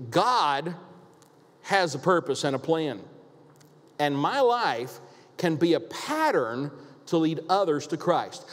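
A man preaches from the pulpit, telling a story from his own life and repeating words as he restarts. His voice sits a little high for a man. A long reverb from a large church hall trails behind every phrase. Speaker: pastor. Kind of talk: sermon with personal story. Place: church sanctuary.

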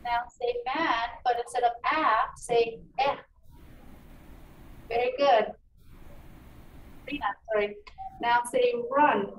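A woman teacher giving a phonics lesson to children, encouraging and enunciating each sound clearly. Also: a little high, fairly even intonation, takes it slowly, pauses often. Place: meeting room. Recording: echoey room, distant mic, faint noise.

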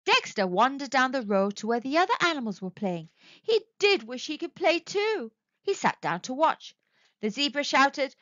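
A woman narrating a children's story aloud in an expressive, sing-song way. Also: sits high, moderate pace, no echo, dull audio.

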